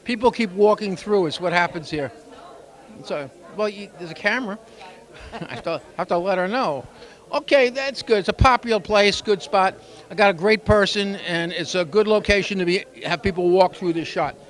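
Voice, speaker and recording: Chatty high-voiced male TV host. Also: normal speed, fairly bright tone. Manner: chatty, joking, rambling asides. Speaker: local TV show host. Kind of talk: casual on-location interview. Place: busy photography exhibition opening. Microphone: handheld mic.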